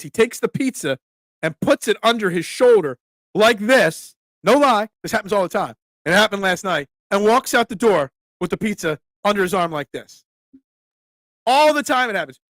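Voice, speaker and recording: A man with a high, gravelly voice hosts a sports talk show. He tells stories in a casual, animated way and leans hard on his points. The sound is close and dry, with no room echo. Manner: animated, emphatic storytelling.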